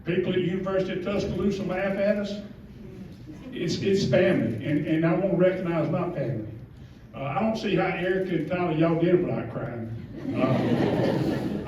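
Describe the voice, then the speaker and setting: A man's voice: high voice, normal speed, noisy background. A middle-aged man giving a heartfelt, rambling acceptance speech at an event, joking about himself and getting emotional. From Georgia. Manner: rambling, heartfelt, self-deprecating. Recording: distant roomy mic with muffled sound.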